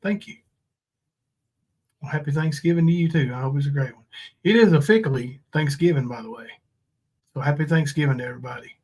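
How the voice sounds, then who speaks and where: A man's voice: fairly high pitch, fairly quick, long pauses, darkish tone, slightly rough. A man co-hosting a livestream in casual chat, reading viewer comments aloud and joking. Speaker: livestream co-host.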